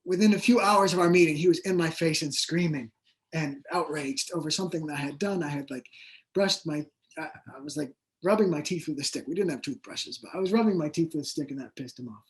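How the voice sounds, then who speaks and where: A man's voice: a little high, fast. A man who is an author guest in an interview, telling his story in a rambling, hesitant way with many fillers. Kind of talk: conversational interview.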